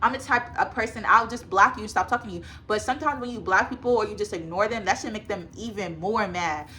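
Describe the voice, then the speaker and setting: Chatty young woman with a bright voice. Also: medium pitch, quick pace, slight background noise. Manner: chatty, emphatic, talks straight to viewers. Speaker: vlogger. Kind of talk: casual storytime.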